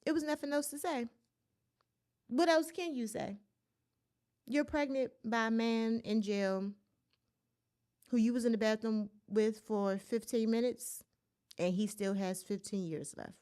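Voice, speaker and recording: A woman's voice: fairly high pitch, fairly even intonation, measured pace, long pauses, darkish tone. A woman hosting a solo podcast, ranting in casual commentary with incredulous, profane outbursts and speech. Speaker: podcast host.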